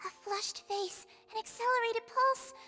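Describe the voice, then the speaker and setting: A woman voicing a tiny, gentle female nurse creature who speaks softly and politely. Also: extremely high pitch, steady tone, unhurried, in a large hall, faint music behind, full character voice. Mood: polite, earnest. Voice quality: sweet, polite, soft-spoken. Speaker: game character.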